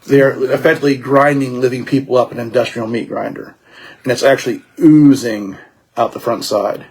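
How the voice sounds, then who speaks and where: A man's voice: medium pitch, steady tone, brisk, darkish tone, husky. A man as dungeon master, narrating a streamed tabletop game in vivid, gory detail.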